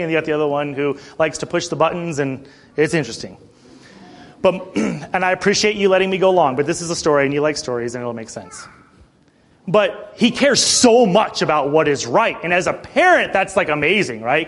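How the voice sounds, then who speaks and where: A man in his thirties, a pastor preaching a sermon, telling a story to the congregation and getting fired up. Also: on the high side. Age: 30s. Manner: animated, fired up, talks straight to the congregation.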